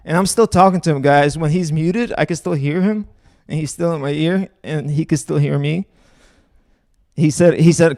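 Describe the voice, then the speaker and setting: A man's voice: fairly high pitch, creaky, a little mellow. A man hosting a live stream, arguing with a caller in a taunting, mocking way. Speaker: livestream host. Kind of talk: heated live stream argument.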